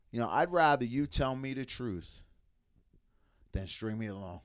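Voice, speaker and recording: A middle-aged man in casual podcast chat, an animated storyteller who acts out what others said. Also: mid-range voice, normal speed, no echo. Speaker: band member, father of bandmates.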